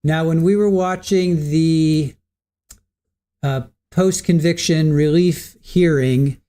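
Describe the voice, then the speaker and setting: A man's voice: on the high side, steady tone, takes it slowly, dark tone. Hesitant man thinking aloud on a livestream. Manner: reads viewer comments and answers them. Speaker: livestream host. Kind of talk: casual commentary reading chat.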